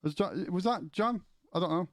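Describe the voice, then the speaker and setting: A man's voice: sits high, moderate pace, no room sound, studio quality. A man streaming, chatting casually with viewers in a rambling way, with many restarts and questions to chat.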